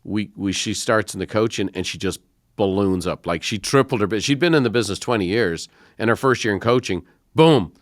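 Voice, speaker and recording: A middle-aged man hosting an interview podcast, telling stories in a conversational, animated way. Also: lowish voice, a little fast, no echo, clean studio sound. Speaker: podcast host.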